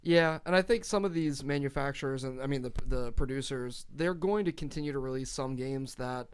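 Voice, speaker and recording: A man co-hosting a casual chat about new game releases, chatty and quick to laugh. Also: mid-range voice, clear, resonant tone. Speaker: co-host.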